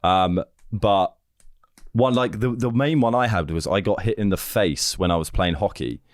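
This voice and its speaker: A young man co-hosting a comedy podcast, telling animated stories with frequent laughter and sudden high-pitched impressions. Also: normal speed, no room sound, studio quality. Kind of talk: casual comedic chat.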